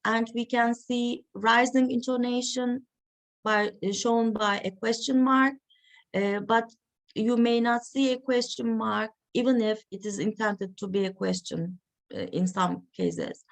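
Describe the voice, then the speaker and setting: A woman giving an academic reading session, talking slowly and haltingly with many fillers. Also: a little high, steady tone, gravelly. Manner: slow, halting delivery with frequent fillers. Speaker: lecturer.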